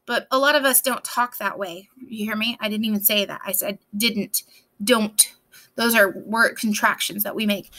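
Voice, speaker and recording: A woman's voice: a little high, normal speed, bright, forceful tone. A woman teaching a children's reading lesson, explaining phonics patiently, step by step, with playful examples.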